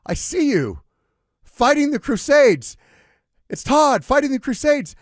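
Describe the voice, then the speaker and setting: A stubborn old grandfather, confused and cranky, barking out his complaints in a raised, strained voice, as a man puts him on. The pitch sits well above a normal speaking voice, and the sound is close and dry. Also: very animated, measured pace, no room sound, heavily acted. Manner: insistent and cranky. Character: confused, stubborn elderly grandfather in a nursing home.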